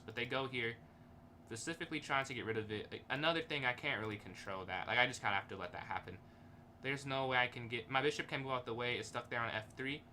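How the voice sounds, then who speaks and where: A man's voice: mid-range voice, sharp tone, a little hiss or hum. A man streaming a chess game, thinking aloud in casual, hesitant commentary and chuckling often.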